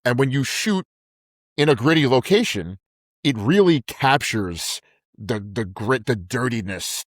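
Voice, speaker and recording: A man's voice: mid-range voice, expressive, unhurried, no room sound, studio quality. Emphatic man chatting on a podcast. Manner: emphatic, repeats words, says "dude" and "okay?". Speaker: podcast co-host. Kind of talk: casual chat.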